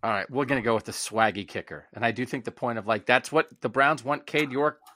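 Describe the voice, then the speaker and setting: A man's voice: medium pitch, brisk, pushed and bright. A man in his twenties hosting a casual sports panel, moderating with a joking tone. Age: 20s. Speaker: panel host.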